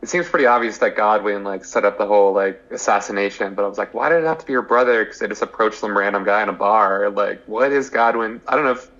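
Low-voiced young man, dull lo-fi audio. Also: fairly even intonation, quick pace, hardly any pauses, fairly bright tone. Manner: loose and conversational, many "like" and restarts. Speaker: podcast co-host. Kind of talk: casual chat.

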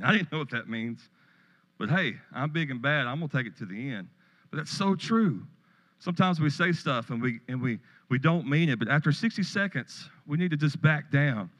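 A man's voice: a little high, fairly bright tone, lo-fi sound. A middle-aged man pastor preaching a sermon, telling stories and joking with the congregation in a church. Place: church sanctuary.

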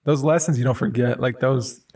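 Man, casual storytelling, lots of fillers and restarts, mid-pitched, a little off-mic. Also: normal speed, darkish tone, slightly rough, recorded from a distance. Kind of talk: casual conversation.

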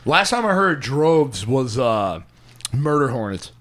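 A man's voice: mid-range voice, sing-song, slow, background noise. A man co-hosting a casual podcast chat, joking and crude, laughing often.

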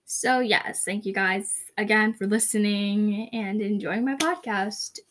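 A woman's voice: medium pitch, slow pace. A young woman hosting her first podcast, rambling and self-conscious, with a faint hiss in the background. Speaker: podcast host. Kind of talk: casual podcast outro.

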